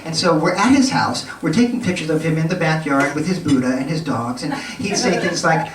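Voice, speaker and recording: A man's voice: a little high, fairly quick, noisy background. Guy telling a funny story on a club stage, lots of laughing and restarts, roomy sound, kinda far from the mic. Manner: animated, laughing, stumbling restarts. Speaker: storyteller in a cabaret show. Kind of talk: live comic storytelling. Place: nightclub stage.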